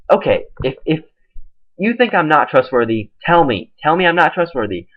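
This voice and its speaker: A man's voice: a little high, sing-song, normal speed. A young man ranting in a webcam monologue, exasperated as he retells a quarrel with a friend through quoted back-and-forth. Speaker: webcam vlogger. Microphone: webcam microphone. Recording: dull lo-fi webcam audio.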